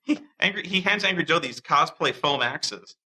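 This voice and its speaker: A man tells a story in a casual, animated way, acting out the voices of the people he quotes. His voice is very bright, and he often restarts his sentences. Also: a little high, moderate pace, slight background noise, rough recording. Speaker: interviewee.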